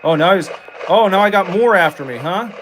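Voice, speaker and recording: A man streaming a survival horror game, chatting casually with rambling jokes and sudden excited outbursts. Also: high-pitched, fairly quick, slight background noise, low-quality recording. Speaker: gameplay streamer. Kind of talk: casual gameplay commentary.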